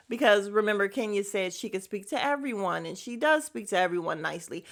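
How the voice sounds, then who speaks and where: A woman hosting a podcast in casual chat, blunt and profane, talking to her listeners about a reality show in an animated way. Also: medium pitch, brisk, few pauses. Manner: animated, mimics voices of others in quotes.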